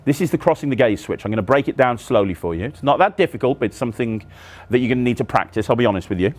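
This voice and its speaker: Man teaching a magic trick, lively pitch. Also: very fast. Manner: demonstrative, walks through moves aloud. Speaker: magic instructor. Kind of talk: step-by-step tutorial explanation.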